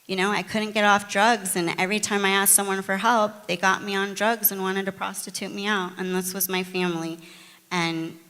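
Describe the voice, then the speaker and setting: A middle-aged woman from the United States, candidly telling her recovery story in a chatty, animated way, full of fillers and restarts. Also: mid-range voice, moderate pace, long reverb tail. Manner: conversational, frequent fillers and restarts, animated retelling. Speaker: guest sharing her recovery testimony.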